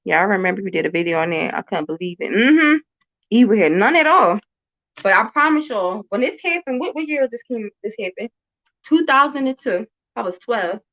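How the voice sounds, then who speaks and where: A woman's voice: mid-range voice, lively intonation, fairly quick, muffled recording. A woman around thirty, a mother and show host, telling a story in casual chat with blunt, emphatic and heavily profane talk. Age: about 30.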